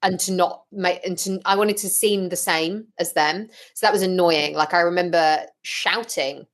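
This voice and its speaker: A woman talking as a podcast guest, telling her story frankly and with lively, blunt humour. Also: fairly low pitch, moderate pace. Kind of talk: casual interview chat.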